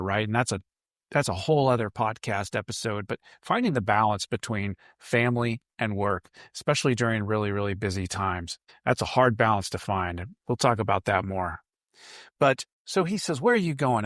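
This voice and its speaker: A middle-aged man with a lowish voice tells a story on his own podcast. He talks in a loose, conversational way, pausing on fillers and correcting himself. The sound is close and dry. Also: no echo. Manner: relaxed, conversational, with frequent fillers and self-corrections. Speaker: podcast host. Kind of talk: casual storytelling monologue.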